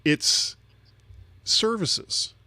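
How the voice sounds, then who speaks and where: A man's voice: drawn-out words, sharp tone, no echo. A man co-hosting a casual tech podcast, explaining at length and often repeating words as he thinks. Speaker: podcast co-host.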